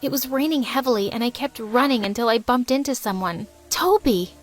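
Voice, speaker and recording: A woman's voice: a little high, fairly quick, faint music behind. A woman narrating a first-person storytime in a dramatic, emotional way and voicing the other people in it.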